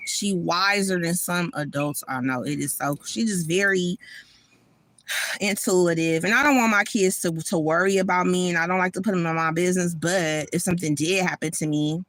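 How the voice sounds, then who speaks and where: A woman's voice: lowish voice, fairly bright tone, no echo. A woman, venting in a rambling, emotional vlog from a parked car, upset and homesick. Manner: venting, rambling, repeats herself. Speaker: vlogger.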